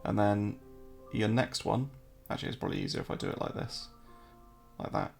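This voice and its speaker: A man's voice: lowish voice, fairly even intonation, a little fast, gravelly, faint music behind. An English man hosting a casual live-stream, joking, answering viewer chat and walking through trading charts. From England.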